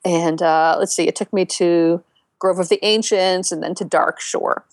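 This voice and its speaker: A woman co-hosting a casual podcast, telling game stories with lots of fillers and restarts, and getting animated when she quotes other players. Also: lowish voice, moderate pace, no room sound, clean studio sound. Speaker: podcast co-host. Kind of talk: casual chat about a video game.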